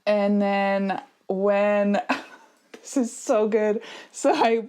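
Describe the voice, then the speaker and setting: A woman in her thirties, a podcast co-host telling stories in casual chat, animated, laughing often with quick asides. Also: mid-range voice, clear, resonant tone.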